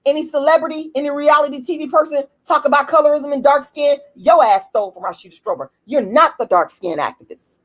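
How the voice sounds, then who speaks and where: Speaking straight to camera, a woman from the United States delivers a heated, profane, repetitive personal rant with an African American English accent. She's a YouTube commentator with a high, fairly bright voice, talking a little fast with few pauses.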